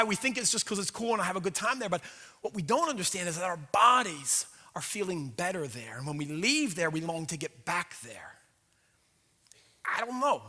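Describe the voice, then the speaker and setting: Man, pastor's sermon, high pitched, very bright tone, animated and conversational, echoing church hall. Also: husky. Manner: animated, conversational, acts out inner voices. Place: church sanctuary. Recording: long hall reverb.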